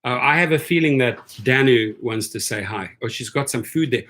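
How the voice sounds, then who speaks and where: A man hosting a casual livestream for gig drivers, chatty and excitable, reading viewer comments aloud. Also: medium pitch, normal speed.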